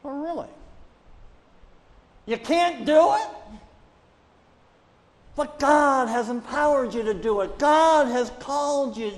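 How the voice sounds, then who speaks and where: Preaching with energy, this male pastor frequently builds to loud, pressing rhetorical questions, though he takes his time and pauses often. His voice sits high for a man, wrapped in the long reverb of a church sanctuary.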